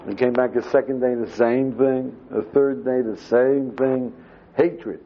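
An older man, a rabbi, telling a story with lively acted-out dialogue, on a dull lo-fi recording. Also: mid-range voice, a little slow, slight background noise. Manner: animated storyteller acting out dialogue. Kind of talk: storytelling talk. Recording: dull lo-fi recording with faint ambience.

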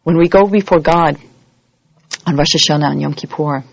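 Religious teacher, sermon, husky voice, animated storyteller, lo-fi dry recording. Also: mid-range voice, normal speed, no room sound. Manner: lively, acts out everyday scenes in other voices. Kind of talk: holiday sermon to a congregation.

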